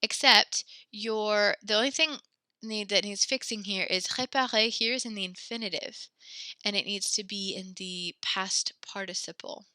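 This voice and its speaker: A woman's voice: mid-range voice, moderate pace, bright, forceful tone, clean tone, no room sound. A woman teaching a French class, patiently explaining grammar step by step and giving encouraging feedback.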